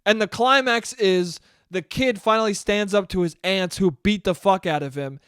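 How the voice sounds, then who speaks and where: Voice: medium pitch, moderate pace, a bit bright, smooth, no room sound, clean studio sound. Rambling, swearing podcast host. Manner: rambling, swears a lot, laughs at own jokes. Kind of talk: casual comedic monologue.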